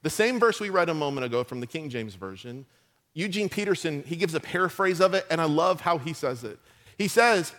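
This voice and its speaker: A middle-aged man preaches a sermon as a pastor. He tells humorous stories and throws lively asides to the congregation. His voice sits high for a man. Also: fairly quick.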